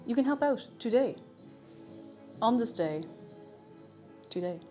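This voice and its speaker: Warm in tone and fairly high-pitched, this woman's voice is expressive but unhurried, with soft music behind it. She bakes at home in her kitchen on a live stream, chatting with viewers in a casual, self-mocking way.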